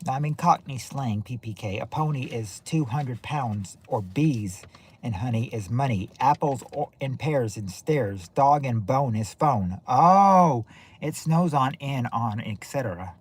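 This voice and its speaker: A man's voice: mid-range voice, expressive, unhurried, slightly rough. A man with a Southern US accent hosting a casual stream, rambling and repeating himself as he talks to his chat. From southern United States. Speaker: stream host.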